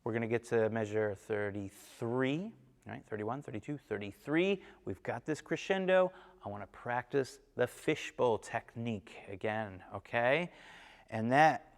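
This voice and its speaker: Male timpani teacher, smooth and mellow, patient, counts beats aloud, checks in with "okay?", long room reverb. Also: mid-range voice, unhurried. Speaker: percussion teacher. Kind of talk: instrument lesson with counting and demonstration.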